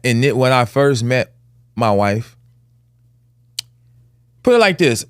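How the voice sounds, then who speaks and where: A man's voice: mid-range voice, smooth, dry recording. Male podcast co-host, forties, earnest storyteller, mid-range voice, dry sound. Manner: earnest, emphatic, casual vernacular speech. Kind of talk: candid conversational storytelling.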